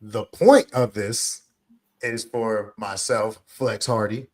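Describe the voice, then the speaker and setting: A man co-hosting a casual wrestling podcast, upbeat and relaxed, drawing words out when he stresses them. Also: lowish voice, slow pace. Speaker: podcast co-host. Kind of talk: casual chat.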